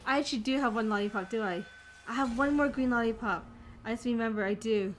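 A woman's voice: on the high side, quick pace. A woman streaming a video game, exclaiming and swearing at it as she plays. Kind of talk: live gameplay commentary.

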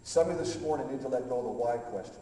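A man preaching a sermon as pastor, rising from quiet reflection to fervent loud passages and acting out conversations with God. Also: mid-range voice, rapid-fire, slight background noise. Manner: impassioned, builds from quiet to loud, acts out dialogue. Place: large church hall. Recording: echoey hall from far off.

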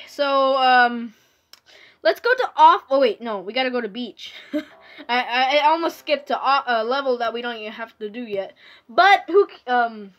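A woman's voice: high-pitched, a bit bright. A woman giving casual, rambling commentary while playing a phone game, with many fillers and restarts. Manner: rambling, chatty, self-interrupting with fillers. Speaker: gaming YouTuber. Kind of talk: casual let's-play commentary. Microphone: phone screen recording.

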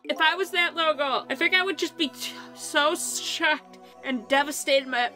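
A woman's voice: a little high, sharp tone. A giggly young woman playing a video game, chatting casually and reading dialogue aloud in a playful manner. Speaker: let's play host.

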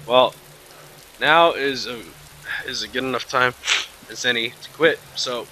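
A man's voice: mid-range voice, measured pace, long pauses, pushed and bright, slight background noise, low-quality recording. A tired man hosting a late-night game video, muttering and cursing under his breath. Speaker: let's play host. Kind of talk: casual gameplay commentary.

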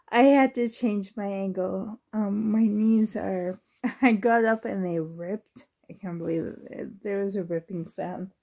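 A woman's voice: medium pitch, slow, creaky, warm tone. A woman doll collector in a casual unboxing vlog, gushing and emotional, often laughing and sighing, talking on the floor at home.

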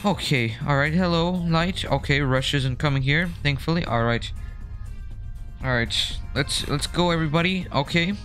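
A man's voice: fairly high pitch, normal speed, a bit bright, soft background music. A young man streaming a horror game live, chatting and joking as he gets startled. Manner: chatty, jokey, easily startled. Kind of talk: live gameplay commentary.

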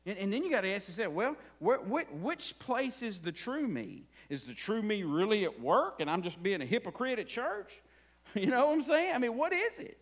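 A man's voice: sits high, big pitch swings, moderate pace. A man preaching a conversational sermon as pastor, asking the congregation frequent rhetorical questions.

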